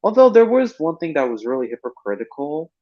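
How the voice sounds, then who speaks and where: A man's voice: fairly high pitch, very animated, brisk, dark tone. Chatty man hosting a fan voice chat. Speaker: stream host. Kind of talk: casual chat. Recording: lo-fi online voice chat.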